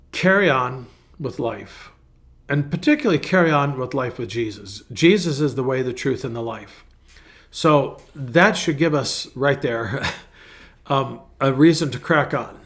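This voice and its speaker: A man's voice: on the high side, a bit bright. A man pastor giving a casual devotional talk in a rambling, conversational way with frequent restarts.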